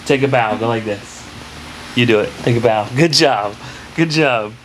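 A man's voice: mid-range voice, normal speed, a little hiss or hum, low-quality recording. A man filming a home vlog, cheerfully coaching his daughter through a painting activity with short repeated cues. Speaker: vlogger and father. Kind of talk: casual vlog, coaching a child through art. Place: home, indoors.

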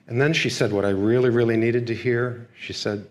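A man's voice: on the low side, fairly even intonation, moderate pace. An older man giving a lecture, telling a personal story in a subdued, reflective and hesitant way. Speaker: guest lecturer. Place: school lecture hall.

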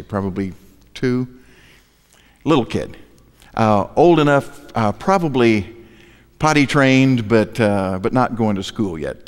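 A man's voice: mid-range voice, in a large hall. An older male pastor preaching a sermon, telling a story with humor and asking the congregation questions. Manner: storytelling with self-deprecating humor and rhetorical questions. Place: large church hall.

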